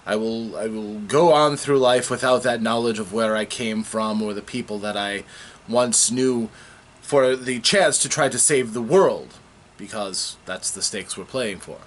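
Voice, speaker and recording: A man's voice: lowish voice, unhurried, slight background noise, close to an everyday voice. A man voicing his own earnest, solemn adult male warrior character in a tabletop game recap.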